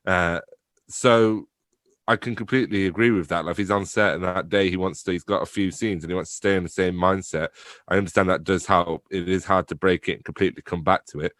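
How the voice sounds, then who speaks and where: A man's voice: low voice, steady tone, brisk, fairly bright tone, no room sound. A young adult man, chatting casually as a podcast guest, rambling, swearing freely and laughing often. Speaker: podcast guest, theatre company director. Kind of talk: casual conversation.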